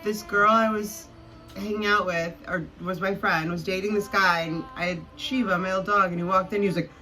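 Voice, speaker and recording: Female podcast host, chatty and meandering, bright tone, faint music bed. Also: medium pitch, fairly quick, rough recording. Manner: rambling, chatty storytelling with many fillers. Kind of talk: casual conversation.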